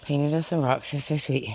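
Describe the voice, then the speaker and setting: Man, trail vlogger, outdoors, phone camera, unhurried, exclamatory, light background noise. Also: on the high side. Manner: chatty and exclamatory, calls viewers honey and y'all. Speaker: thru-hiker vlogger. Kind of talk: casual vlog while hiking.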